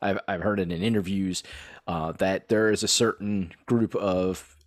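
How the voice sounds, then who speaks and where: A man's voice: low voice, steady tone, a little slow, no room sound, studio quality. A man co-hosting a podcast, chatting with hesitations and the odd jokey mock announcement. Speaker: podcast co-host. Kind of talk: casual chat.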